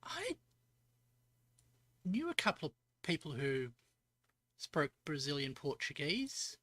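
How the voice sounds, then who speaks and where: A woman's voice: sits low, very animated, slow pace, a bit bright, dry recording. An Australian woman streaming as a VTuber, thinking aloud as she codes and chatting with viewers in between. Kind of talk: live coding stream chat.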